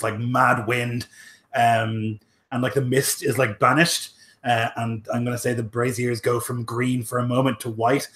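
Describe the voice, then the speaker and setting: Man, game master, rambling descriptive narration, medium pitch, echoey room. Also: a bit bright. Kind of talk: narrating a fantasy tabletop game. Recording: roomy echo.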